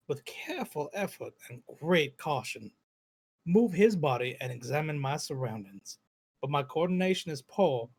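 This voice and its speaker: A man voicing a scheming male mind-maker trapped in a stolen body, reading his letter aloud in a put-on Southern US accent with measured, formal delivery. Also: a little high, gravelly, slightly rough, full character voice.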